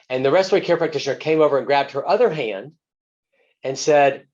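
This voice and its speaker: A man's voice: medium pitch, fast, darkish tone. Guy doctor telling a story from the icu, earnest and plain, dull muffled audio. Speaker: physician guest, author. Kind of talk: telling a story from his work.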